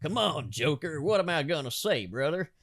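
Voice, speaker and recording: A man's voice: fairly high pitch, big pitch swings, moderate pace, a bit bright, no echo, clean studio sound, pitched above the performer's own voice, heavily acted. Tough drawling gangster with a Southern American accent, done by a man reading the script. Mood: bluff. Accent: put-on Southern American.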